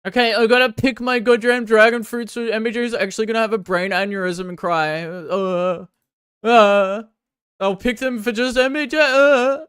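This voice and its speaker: Smooth-voiced excitable woman streamer. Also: medium pitch, no echo, clean studio sound. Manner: excitable, quick outbursts then sheepish apologies; banters with chat, swears casually. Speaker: livestreamer. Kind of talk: casual gaming livestream chat.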